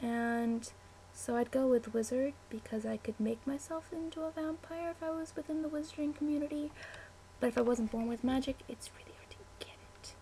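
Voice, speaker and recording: Chatty young woman with a slight creak. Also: high voice, normal speed, mellow, slight background noise. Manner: chatty, easily distracted, many "like" and "um" fillers. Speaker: vlogger. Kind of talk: casual chat answering a word-list meme.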